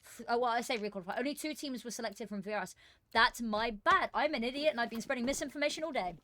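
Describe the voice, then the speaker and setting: A woman's voice: a little high, fast talker, sharp tone, no room sound. A woman casting an esports qualifier on a live stream, chatting casually and rambling with fillers and self-deprecating asides.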